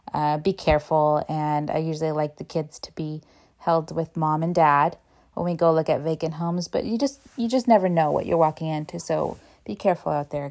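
A woman realtor with a somewhat low voice tells stories in a casual vlog. She is chatty and earnest and acts out the people in her stories. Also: darkish tone. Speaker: real estate agent.

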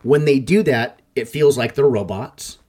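A man's voice: mid-range voice, measured pace, darkish tone. A man hosting a podcast, chatting casually and animatedly, often restarting his sentences. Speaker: podcast host.

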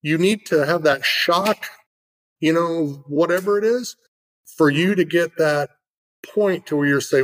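A man's voice: on the high side, a little slow, low-quality recording. A middle-aged man in casual conversation, telling an earnest story with lots of fillers.

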